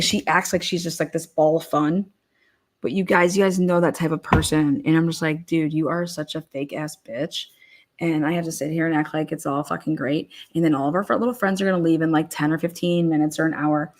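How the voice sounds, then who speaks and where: A woman's voice: lowish voice, darkish tone. A woman giving blunt, profane casual commentary, often acting out what others might say. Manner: blunt, profane, acts out people in quoted rants.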